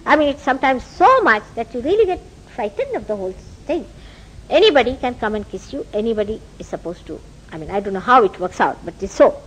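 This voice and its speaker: A woman's voice: fairly high pitch, fast talker, husky, poor audio. A woman from India with an Indian accent, giving a public spiritual talk as a teacher, telling stories and asking rhetorical questions. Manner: animated storytelling with rhetorical questions. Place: meeting house hall.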